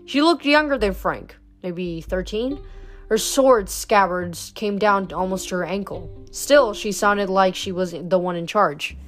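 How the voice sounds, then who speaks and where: A woman reading a novel aloud in a steady storytelling way. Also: medium pitch, measured pace, faint music behind. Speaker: reader.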